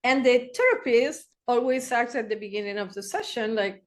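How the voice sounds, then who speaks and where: Middle-aged woman, interview guest sharing her story lively, slightly high-pitched. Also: normal speed. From Argentina. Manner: animated, acts out quoted voices. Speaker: therapist guest.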